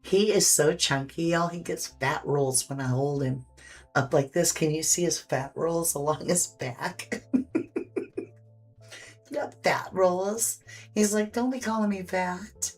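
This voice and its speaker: A woman's voice: sits low, slow, long pauses, slightly rough. A woman hosting a live painting stream, chatting casually, reading viewer comments aloud and fussing over her dogs. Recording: faint background music.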